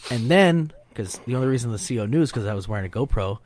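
A man's voice: mid-range voice, expressive, fast, a little mellow, a little hiss or hum. A man hosting a casual podcast who tells long, rambling, profane stories to his old shipmates. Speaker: podcast host. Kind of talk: casual chat among Coast Guard buddies.

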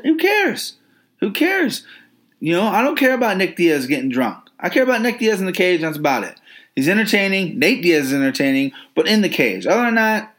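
Brash, swearing man ranting about fighters. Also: medium pitch. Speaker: podcast host. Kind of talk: opinionated sports podcast commentary.

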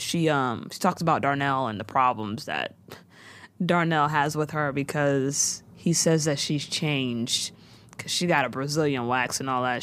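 A woman, co-hosting a casual chat and telling the story in a slangy, animated way with frequent laughs. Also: low voice. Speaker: podcast co-host recapping a TV show.

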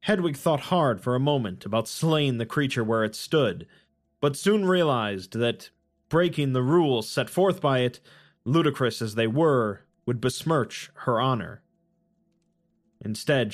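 Male lore narrator, calm and explanatory, slow-paced, light music bed. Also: medium pitch. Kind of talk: scripted narration.

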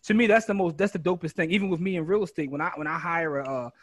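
Podcast host dude, high lively voice, real encouraging and slangy, dry close sound. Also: male voice, racing, no room sound. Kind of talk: casual chat.

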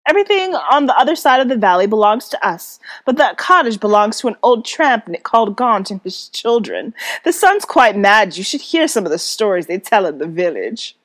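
A woman's voice: medium pitch, sing-song, moderate pace, a bit bright. A woman voicing a dismissive wealthy young man, offhand and gossipy.

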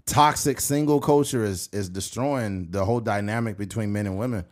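A man's voice: on the low side, normal speed. A man hosting a podcast, chatting casually in a profane, storytelling way. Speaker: podcast host. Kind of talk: casual chat.

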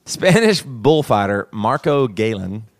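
A man's voice: lowish voice, very animated, slow, dry recording. A man co-hosting a podcast who reads news stories aloud, stumbling over words and laughing as he jokes. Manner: stumbling, joking, laughs while reading. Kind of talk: casual chat.

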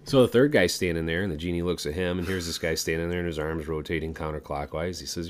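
A low-voiced man tells a long joke on a podcast. He rambles with fillers and the odd swear word, casual and unhurried. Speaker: podcast co-host.

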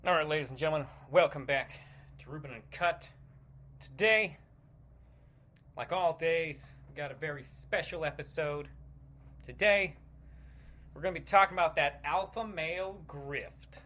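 A man's voice: a little high, normal speed, long pauses, sharp tone. A man hosting a comedy podcast, talking in an irreverent, crude joking way. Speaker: podcast host.

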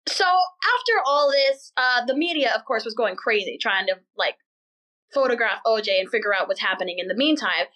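A young woman hosting a podcast, telling a story in an animated, chatty way and laughing as she goes. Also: fairly high pitch, rough recording. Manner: chatty, animated, laughs while telling, does quick mocking voices for people in the story. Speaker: podcast host. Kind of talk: casual storytelling chat.

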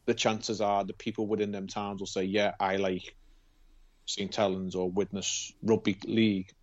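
Flat-voiced man, lo-fi. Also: lowish voice, a little slow. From Liverpool. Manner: meandering, explains at length with many "you know"s. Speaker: podcast co-host. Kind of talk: casual football podcast chat.

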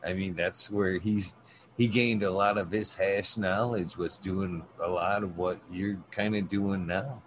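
Deep-voiced relaxed man. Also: unhurried, background noise. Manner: relaxed, filler-heavy, earnest. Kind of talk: casual conversation.

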